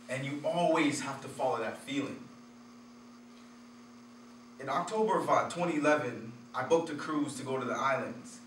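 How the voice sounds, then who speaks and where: A man's voice: mid-range voice, bright, forceful tone. A man giving a motivational talk, telling candid personal stories and chuckling at his own stories. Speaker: motivational speaker. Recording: roomy echo, distant from the mic, faint noise.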